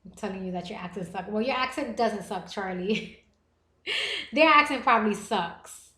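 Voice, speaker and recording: A young American woman hosting a livestream podcast, chatting casually with viewers in a playful, animated way. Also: mid-range voice, moderate pace. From United States. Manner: animated and playful, with gasps and bursts of laughter. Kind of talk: casual livestream chat reading viewer comments. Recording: echoey room.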